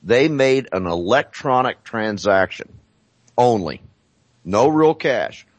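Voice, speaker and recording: A man speaking as a talk show guest, explaining deliberately and repeating phrases for emphasis. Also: mid-range voice, expressive, dry recording.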